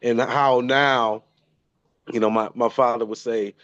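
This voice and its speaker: A man's voice: mid-range voice, normal speed, a bit bright, dry recording, muffled recording. A man in his thirties paying an emotional tribute to his father, often repeating and restarting his phrases. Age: 30s. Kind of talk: heartfelt spoken tribute.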